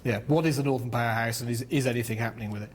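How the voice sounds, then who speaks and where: A man's voice: mid-range voice, racing, slight background noise. A man heading research, presenting an economic briefing and answering questions frankly, with lots of "um" and "you know". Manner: frank and talkative, with frequent fillers.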